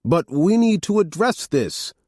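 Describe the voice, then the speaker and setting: A man's voice: high-pitched, big pitch swings, unhurried, warm tone, no room sound, clean studio sound, voice pushed up, heavily acted. A man reading an audiobook, voicing a grown son who insists the family follow a document. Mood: insistent. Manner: insistent, pleading.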